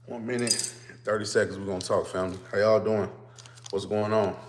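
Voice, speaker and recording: A man's voice: lowish voice, steady tone, brisk, noisy background. A man, talking casually to viewers on a livestream from a phone on a stand, greeting them over and over and then ranting as he explains. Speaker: vlogger.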